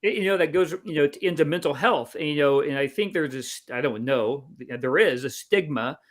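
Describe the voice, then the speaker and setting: A man hosting a casual interview in a slightly raised pitch. He asks his questions in a friendly, hesitant way. He fills the gaps with plenty of ums and uhs. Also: fairly quick. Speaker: interviewer, Marine veteran.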